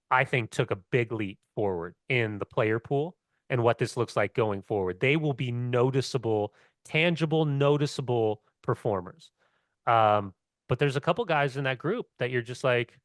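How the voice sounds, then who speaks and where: This medium-pitched, fairly bright male voice belongs to a middle-aged ex-player who co-hosts a soccer podcast. He rambles through stories in relaxed sports talk, leaning hard on "like" and curse words, recorded at studio quality without any room sound.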